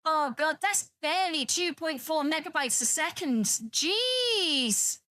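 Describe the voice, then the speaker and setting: A woman's voice: high voice, normal speed, fairly bright tone, dry recording. A British woman streaming, chatting casually and rambling to her viewers, teasing them and swearing freely. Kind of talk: casual livestream chat with viewers.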